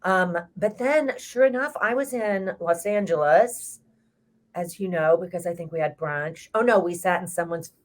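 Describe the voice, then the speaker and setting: A woman's voice: fairly low pitch, normal speed. An older woman with a Texas accent, a stage actress telling rambling stories in a casual chat. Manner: chatty, rambling storyteller.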